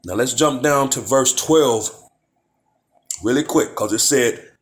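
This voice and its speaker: A man teaching from the Bible in a casual, conversational way, reading verses slowly and firing off rhetorical questions. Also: mid-range voice. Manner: conversational, peppered with "man, you know"; reads verses slowly and deliberately. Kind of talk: informal scripture teaching.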